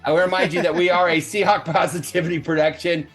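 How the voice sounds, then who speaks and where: Upbeat male podcast host, slightly high voice, light music playing under him, casual and jokey. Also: flat delivery, quick pace, a bit bright. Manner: upbeat, jokey, laughs often. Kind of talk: casual fan podcast chat.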